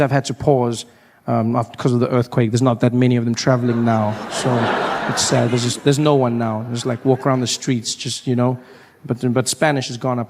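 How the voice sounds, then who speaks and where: A man from doing stand-up comedy, telling stories in an animated way and acting out scenes with loud outbursts. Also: mid-range voice, a little hiss or hum. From South Africa.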